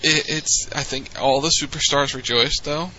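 Brief: rambling, chatty male co-host, very bright and forceful tone, lo-fi dull recording. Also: fairly high pitch, fairly even intonation, moderate pace, a little hiss or hum. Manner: rambling, chatty, with frequent restarts. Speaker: podcast co-host recapping wrestling. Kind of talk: casual recap chat.

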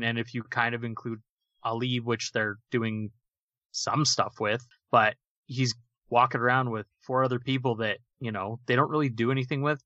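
A man's voice: medium pitch, pushed and bright, dry recording, dull audio. A man co-hosting a casual podcast, giving opinionated, rambling takes full of fillers. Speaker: podcast co-host. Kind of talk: casual wrestling discussion.

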